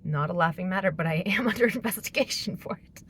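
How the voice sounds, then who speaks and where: A woman's voice: on the low side, fast, few pauses, a bit bright, breathy edge. A woman talking through her personal struggles in a confessional vlog, rambling and emotional as she vents. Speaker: vlogger.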